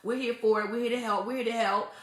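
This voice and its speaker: A woman's voice: fairly high pitch, steady tone, fast, a bit bright, echoey room. A woman hosting a casual faith-based talk on relationships, emphatic and repetitive, often laughing as she makes her points. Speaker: host giving relationship advice.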